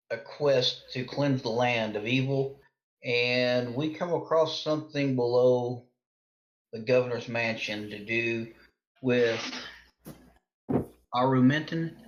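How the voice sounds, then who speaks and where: A man's voice: medium pitch, lo-fi sound. A man playing a cleric in a tabletop game, talking hesitantly and thinking aloud. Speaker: player, cleric character.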